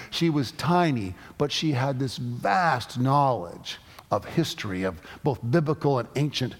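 A middle-aged man preaching a sermon, telling personal stories with halting restarts. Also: mid-range voice, animated. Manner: storytelling, halting with frequent restarts. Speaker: pastor. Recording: long reverb of a large hall.

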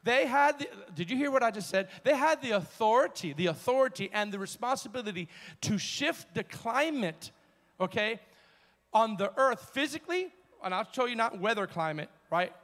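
A man preaching a sermon to his church, emphatic, rising to shouts and dropping to quiet asides. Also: high-pitched, animated, normal speed, in a large hall. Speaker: pastor. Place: church hall.

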